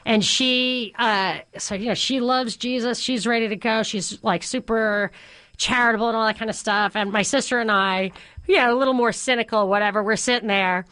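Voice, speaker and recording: A woman's voice: on the high side, steady tone, moderate pace, sharp tone, no room sound. A woman hosting a talk radio show from a studio, chatting casually and animatedly, laughing often.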